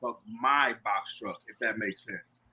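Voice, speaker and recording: Bright-voiced animated man telling stories. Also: fairly low pitch, a little slow. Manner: animated storyteller acting out quoted dialogue. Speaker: box truck business owner on a panel. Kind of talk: casual panel talk.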